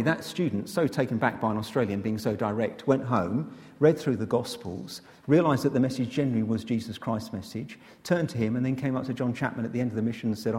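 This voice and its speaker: A man preaching a sermon in a church, earnest and measured, asking his listeners rhetorical questions. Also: medium pitch, darkish tone. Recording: long hall reverb.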